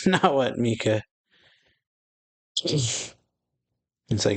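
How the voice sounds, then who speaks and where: A man's voice: medium pitch, slow, creaky, pauses often. A man casually recapping a manga chapter, retelling the dialogue loosely and chuckling between lines. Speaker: manga reaction channel host.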